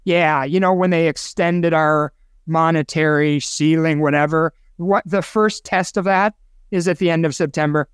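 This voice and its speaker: A man with a high, smooth voice holds forth on a casual podcast, rambling and opinionated, often getting himself worked up. The sound is dry and close, with no room echo. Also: steady tone, moderate pace. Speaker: co-host.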